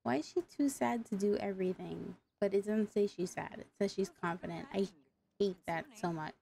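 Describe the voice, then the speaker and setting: Gravelly, exasperated woman gamer. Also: medium pitch, moderate pace, mellow. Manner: exasperated, talks to the game characters. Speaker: gaming YouTuber. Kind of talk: casual gameplay commentary.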